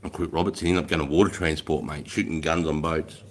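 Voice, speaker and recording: A middle-aged Australian man telling army stories on his livestream, blunt and profane, acting out shouted orders. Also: rumbling low, fairly even intonation, fast. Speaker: livestream host, ex-army instructor. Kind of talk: casual livestream storytelling.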